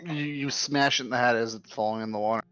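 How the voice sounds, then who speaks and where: Guy dming a tabletop game, rambly, says like a lot, kinda average pitch. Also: fast talker, fairly bright tone, no echo, muffled recording, faint music behind. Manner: loose, rambling narration full of "like". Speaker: game master.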